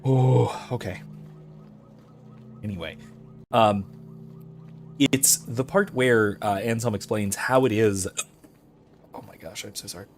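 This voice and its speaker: A man with a somewhat low voice gives casual gameplay commentary about philosophy while fighting off hiccups. He rambles with fillers and keeps apologizing. Faint game music plays behind him. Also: slow pace, long pauses. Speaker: philosophy lecturer and let's-play host.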